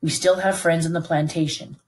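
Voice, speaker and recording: A woman's voice: deep voice, fairly even intonation, a little fast, a little mellow, natural voice. A woman reading as an earnest, protective father. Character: protective British plantation father, middle-aged man, steady. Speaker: read-aloud narrator voicing a character.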